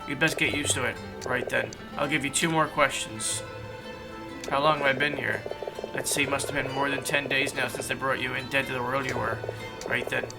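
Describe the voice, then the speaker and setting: A man's voice: mid-range voice, steady tone, normal speed, creaky, over loud music, lightly acted, poor audio. A man reading as a grumbling frog pirate. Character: gruff male frog pirate jailer, grumbling.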